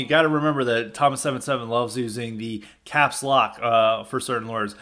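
A man's voice: medium pitch, a little fast, hardly any pauses, sharp tone. A man hosting a podcast, giving blunt, indignant opinion commentary with restarts and chuckles. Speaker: podcast host.

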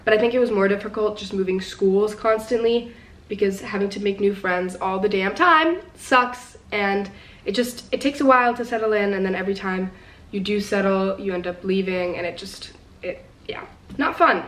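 A woman's voice: medium pitch, steady tone, normal speed, fairly bright tone, far from the mic. A teenage girl talking casually to her viewers in a vlog. She rambles and chatters with plenty of fillers and a mid-range voice. The sound is roomy and picked up from a little way off the mic. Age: teens. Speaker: vlogger.

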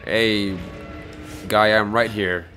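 A man's voice: fairly low pitch, fairly even intonation, slow pace, pushed and bright, soft background music. A man giving casual let's-play commentary, joking and swearing as he reacts aloud at a desk microphone. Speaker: gaming streamer.

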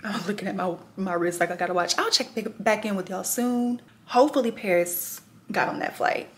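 A woman's voice: mid-range voice, brisk, a little hiss or hum. A young woman hosting a casual home vlog, talking straight to her viewers in a chatty, self-deprecating way. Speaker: vlog host. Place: at home indoors. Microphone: handheld camera.

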